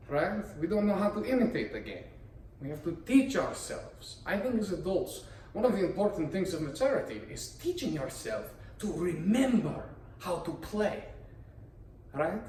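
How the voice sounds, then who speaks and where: A voice performer with a high, slightly mellow male voice gives an explanatory talk on voice acting. He's theatrical and playful, full of rhetorical questions. The recording is echoey, with his voice heard from a distance.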